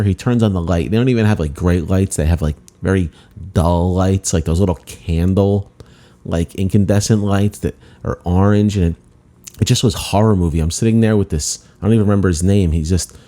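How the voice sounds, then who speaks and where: Deep, mellow-voiced male comedian rambling. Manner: rambling, self-deprecating, with many restarts. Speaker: comedian podcast host. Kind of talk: casual storytelling monologue.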